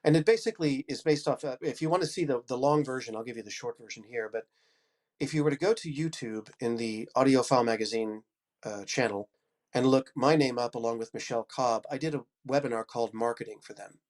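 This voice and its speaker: A man's voice: mid-range voice, fairly quick. A man in his fifties, an audiobook narrator and coach giving a talk, with a head cold and a generous, upbeat, encouraging way of speaking. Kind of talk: conference talk.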